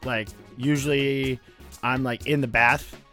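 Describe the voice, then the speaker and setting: A man's voice: mid-range voice, fairly even intonation, slow, sharp tone, faint music behind. A young man co-hosting a podcast, telling jokey, sarcastic stories in casual chat. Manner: joking, sarcastic storytelling. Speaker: podcast co-host.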